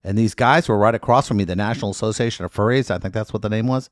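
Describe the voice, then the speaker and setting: A man's voice: fairly low pitch, rapid-fire, dry recording, clean studio sound. A man, a guest lawyer, telling comic stories in casual podcast chat and acting out the people he quotes. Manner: animated, acts out quotes in loud voices.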